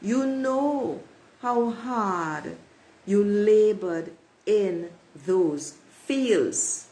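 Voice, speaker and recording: A woman with a warm, mid-range voice draws out her words while giving viewers a spiritual oracle card reading. She speaks emphatically, repeats affirmations, and calls listeners beautiful souls, over a rough recording.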